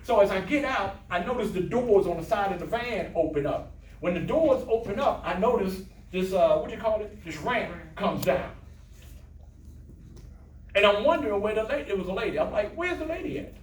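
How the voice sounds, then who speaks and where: A man's voice: high-pitched, expressive, normal speed, roomy sound, recorded from a distance. An older man giving a motivational talk to adult students, telling stories, joking and acting out voices. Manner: storytelling, plays voices in quotes, jokes with audience. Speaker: motivational speaker.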